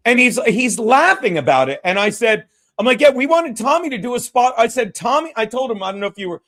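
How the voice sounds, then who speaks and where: A man with a very high-pitched voice hosts a casual talk show. He rambles through anecdotes, swears freely and acts out other people's lines. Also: big pitch swings, a little fast, a bit bright. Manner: profane, ranting, acts out quotes. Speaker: podcast host. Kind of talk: casual storytelling chat.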